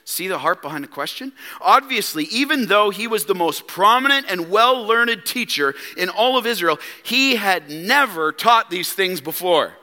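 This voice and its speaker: A man with a high, very bright and forceful voice preaches a sermon in a church, heard through a long hall reverb. He drives his points with rhetorical questions and acts out quoted lines in character. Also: animated, normal speed. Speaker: pastor. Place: church sanctuary.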